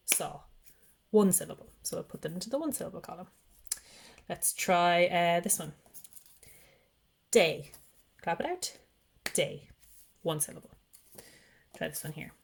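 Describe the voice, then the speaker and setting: Calm instructional teacher, female, slightly low pitch, sounds out letters one at a time for parents. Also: creaky, slight background noise. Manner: patient, explains step by step, sounds out letters slowly. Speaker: teacher showing parents a literacy activity. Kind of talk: instructional demonstration.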